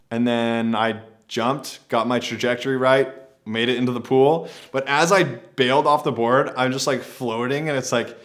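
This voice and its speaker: A man's voice: mid-range voice, fairly bright tone. Laid-back man telling a story. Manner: laid-back, rambling, heavy use of "like". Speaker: adventure athlete telling a personal story. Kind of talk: casual storytelling to camera.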